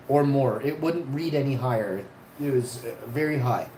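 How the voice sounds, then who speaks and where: A man casually telling stories on a live stream, rambling and swearing, and getting loud when he is excited. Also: medium pitch, moderate pace. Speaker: vlogger. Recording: echoey room, faint ambient noise.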